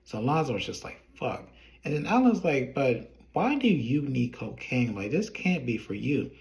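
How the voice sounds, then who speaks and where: A man's voice: mid-range voice, sing-song, normal speed, darkish tone. A man giving a casual recap of a TV drama episode, quoting each character's lines in turn with "he was like" and "she was like". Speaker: show recap reviewer.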